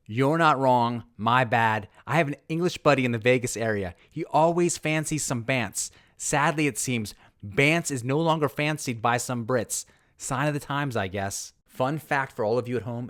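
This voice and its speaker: A man hosting his own golf channel, telling a story and reading posts aloud in a sarcastic, mock-dramatic way. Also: medium pitch. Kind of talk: narrated commentary reading tweets aloud.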